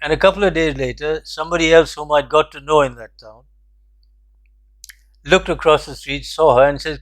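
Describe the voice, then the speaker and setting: A somewhat high-pitched older man tells a story from his past. He speaks in a measured, reflective way and pauses to make his point. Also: fairly even intonation, fairly bright tone. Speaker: host. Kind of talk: storytelling commentary.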